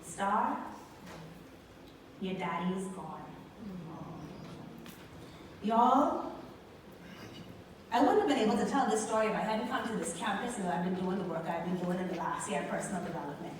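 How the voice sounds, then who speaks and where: A woman's voice: mid-range voice, fast. A young woman from the Bahamas, telling a personal story on stage and speaking directly to the audience. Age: young adult. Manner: expressive storyteller who talks to the audience. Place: large hall with an audience. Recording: echoey hall from far off, with background noise.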